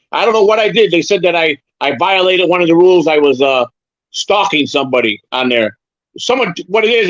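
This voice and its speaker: Guy with a high voice rambling on a live stream call, keeps repeating words, dry dull sound. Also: fairly bright tone, no room sound. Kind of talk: casual chat.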